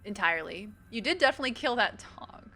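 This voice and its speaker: Speaking fast in an animated, sharp-toned voice of medium pitch, a young streamer with a Boston accent offers casual commentary while playing. She's from the Boston area, talkative and quick to mock herself as she chats with viewers.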